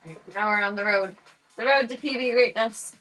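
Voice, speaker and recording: A woman's voice: medium pitch, normal speed, fairly bright tone, faint music behind. A woman streaming casual chat, narrating chores and talking baby-talk to her cats.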